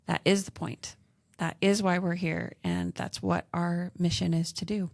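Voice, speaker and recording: A woman's voice: fairly low pitch, little pitch movement, measured pace, creaky, darkish tone, no room sound, studio quality. A woman with a Southern American accent hosting a faith-based podcast, speaking in an earnest, encouraging way. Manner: earnest, encouraging, giggly in bloopers. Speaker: podcast host. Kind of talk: casual podcast chat with faith reflection.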